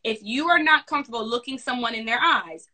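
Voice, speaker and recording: Career advisor woman, quick and sassy, bright and fairly high voice. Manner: fast, animated and sassy. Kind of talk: casual advice chat.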